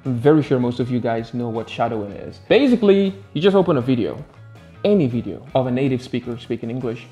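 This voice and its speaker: A man, a native Arabic speaker, gives an English pronunciation lesson in a casual, playful way, letting his pitch swing up and down for emphasis. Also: lively intonation, quick pace, warm tone, soft background music. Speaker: English tutor.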